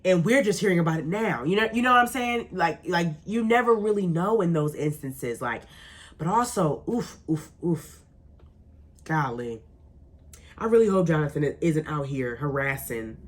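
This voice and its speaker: A woman's voice: on the low side, normal speed. A young adult woman hosting a radio show, chatting casually and animatedly while reading live comments. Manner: animated, laughing, emphatic repetition.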